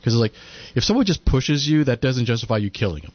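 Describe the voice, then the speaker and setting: A man's voice: medium pitch, sing-song, fast, dry recording. A man chatting casually as a podcast co-host, retelling events and acting out quotes in mocking voices. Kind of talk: casual commentary chat. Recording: lo-fi muffled audio.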